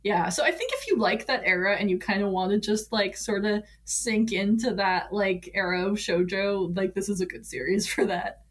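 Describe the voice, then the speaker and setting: A woman joins a podcast as a guest and talks in relaxed, casual chat. She laughs often and leans on fillers as she goes. Her voice sits mid-range. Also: medium pitch, moderate pace, hardly any pauses.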